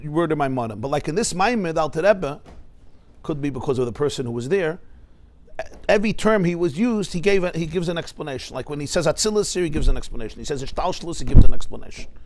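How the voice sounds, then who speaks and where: A man's voice: on the high side, lively intonation, brisk. A man, a rabbi, teaching a Torah class, explaining terms and asking his listeners questions. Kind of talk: Torah lecture.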